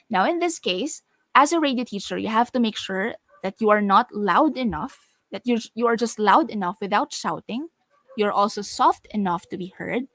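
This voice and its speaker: A woman teaching an online voice lesson at home, careful and deliberate, leaning on words to show her examples. Her voice sits in a middle register. It comes through a computer microphone with a dry, close sound. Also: mid-range voice, no room sound. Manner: clear, deliberate teaching delivery with stressed examples. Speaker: webinar speaker on voice training for teachers. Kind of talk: online lecture with spoken examples.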